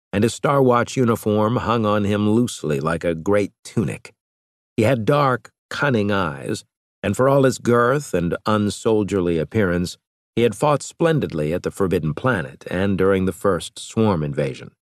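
Male narrator, low voice with lively inflection, dramatic audiobook read, close and dry. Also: no room sound. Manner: dramatic reading with varied voices. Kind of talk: scripted narration.

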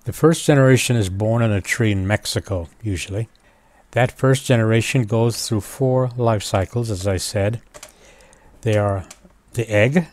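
Male narrator, low-pitched, thoughtful and unhurried, for reflective nature voice-over. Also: darkish tone. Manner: musing, unhurried, talks to his subject.

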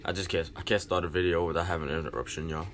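A man's voice: low-pitched, fairly even intonation, rapid-fire, heavy background noise. A young man reacting to a video and rambling casually to his viewers as a vlogger. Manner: loose, rambling, apologetic asides. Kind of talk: casual vlog talk.

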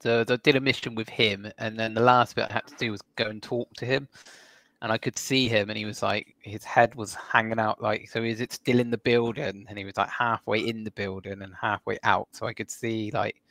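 Man, low gravelly voice, casual podcast chat, rambling, laughs a lot, dry close mic. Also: little pitch movement, a little fast, a bit bright, dry recording. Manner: rambling storyteller, laughs often. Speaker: podcast co-host.

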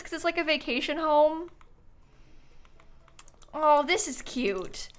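Woman, game streamer, casual live chat, bubbly, giggly, somewhat high voice. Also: unhurried, long pauses.

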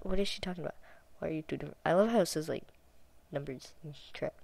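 Mid-pitched voice, casual chat, reading out a chatbot conversation, sarcastic, exasperated, laughing often. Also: fast talker, vocal fry, darkish tone, no room sound. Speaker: video host chatting with a chatbot.

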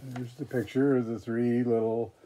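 A man reading a picture book aloud, pausing for chatty, hesitant asides about the pictures. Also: medium pitch, little pitch movement, dark tone, a little hiss or hum. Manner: hesitant, with fillers and restarts. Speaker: storybook reader.

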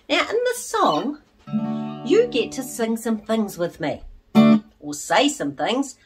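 A woman's voice: medium pitch, sing-song, unhurried, recorded from a distance. A woman leading children through an interactive song, talking to them directly and encouraging them. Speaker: children's singer and presenter. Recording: speech over loud guitar music.

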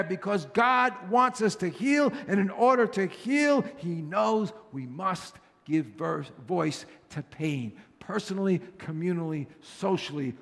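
A man's voice: high voice, vocal fry, fairly bright tone, big-room sound. A male pastor giving an earnest, conversational sermon, often repeating phrases for emphasis.

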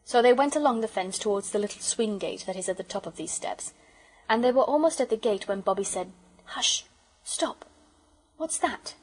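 A woman reads a children's audiobook aloud, gentle and measured in her telling. Her voice is husky and breathy, sitting at an ordinary middle pitch. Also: lively intonation, poor audio. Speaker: audiobook narrator.

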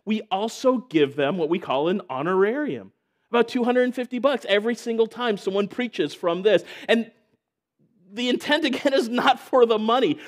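A man preaching a sermon as a church elder, in a conversational way with joking asides. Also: sits high.

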